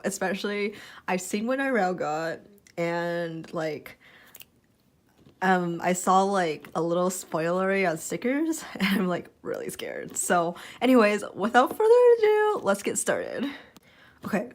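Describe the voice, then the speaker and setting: A young woman vlogging as she opens a package, casual and excitable, squealing and giggling often. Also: medium pitch. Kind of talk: casual unboxing chat.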